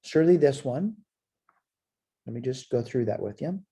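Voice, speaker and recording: A man's voice: medium pitch, lively intonation, moderate pace, dark tone, slightly rough. A man teaching a recorded college math lecture. He asks questions and answers them himself, and he repeats short phrases as he points things out on the board.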